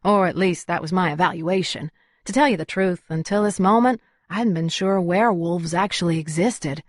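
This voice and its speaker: A woman narrating a first-person audiobook in an even, measured way. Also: on the low side, no echo, clean studio sound.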